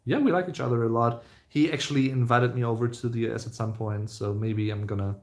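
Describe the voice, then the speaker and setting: Young male streamer, rambling casual Q&A chat, mid-pitched, full of ums. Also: steady tone, brisk. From Germany. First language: German. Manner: chatty, rambling, with many fillers and restarts. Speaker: live streamer.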